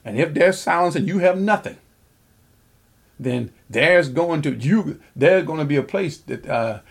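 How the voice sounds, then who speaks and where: A man's voice: a little high, expressive, creaky, slightly rough. A man preaching a sermon, rambling and often repeating words as he works through scripture. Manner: rambling, repeats words, pauses to find passages.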